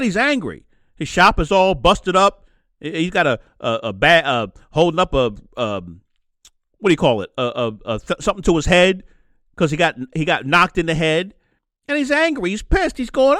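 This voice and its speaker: A man rants through a solo podcast episode, circling back on his own phrases to drive each point home. His voice sits high and swoops up and down. The sound is close and dry, with no room around it. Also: fairly bright tone, smooth, dry recording. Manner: impassioned, preachy, repeats phrases for emphasis. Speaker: podcast host. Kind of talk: solo opinion monologue.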